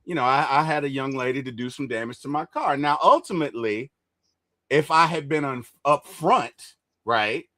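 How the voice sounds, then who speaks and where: A man telling stories in casual chat, animated and laughing when excited. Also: medium pitch, moderate pace, no room sound, clean studio sound.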